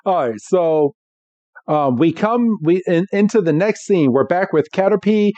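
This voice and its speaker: Mellow-voiced man recapping casually. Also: high voice, measured pace, no room sound. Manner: animated retelling, acting out characters. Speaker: podcast co-host. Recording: dull, dry podcast audio.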